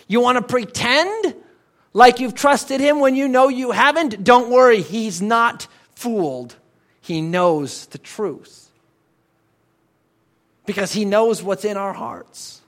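Man, high voice, pastor, conversational emphatic sermon, church. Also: unhurried, a bit bright. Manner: conversational, emphatic preaching with repeated words.

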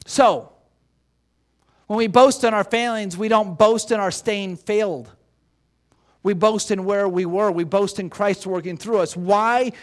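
High-voiced man preaching emphatically. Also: a little slow. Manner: emphatic, with rhetorical questions and repetition. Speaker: pastor. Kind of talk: sermon.

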